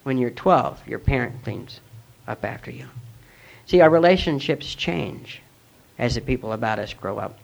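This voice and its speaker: A man's voice: medium pitch, lively intonation, normal speed, gravelly. A middle-aged man giving a personal testimony at a recovery meeting, earnest and reflective as he tells his story. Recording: dull lo-fi recording.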